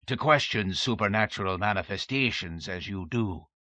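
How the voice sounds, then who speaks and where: A man doing a croaking old ghost. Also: fairly low pitch, normal speed, bright, forceful tone, no echo. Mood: stern warning. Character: croaking old male castle ghost, stern. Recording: dull dry lo-fi recording.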